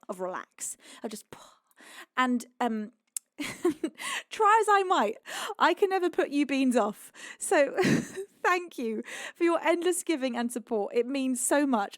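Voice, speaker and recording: A woman's voice: high voice, no echo, clean studio sound. A British woman who hosts a music livestream, chatting to her viewers between songs and gushing her thanks with frequent laughs. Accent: British English. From United Kingdom. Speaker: streaming singer-songwriter host.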